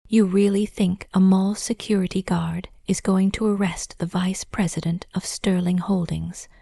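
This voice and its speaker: A woman voicing a cruel, smug wealthy ex-husband in a low, smooth, taunting whisper, as whispered role-play. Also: steady tone, normal speed, mellow, no room sound, studio quality. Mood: cold menace.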